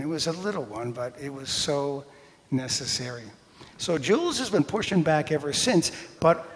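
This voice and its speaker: A man preaching a sermon, telling personal stories with animated, self-mocking humor and acted-out voices. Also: fairly high pitch. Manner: animated storytelling, acting out voices, laughing at himself. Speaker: pastor. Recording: long hall reverb.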